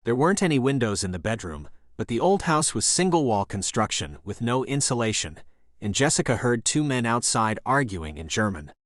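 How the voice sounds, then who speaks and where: A man narrating an action thriller audiobook in a steady, even reading voice. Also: mid-range voice, normal speed, dry recording, clean studio sound. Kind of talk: scripted narration.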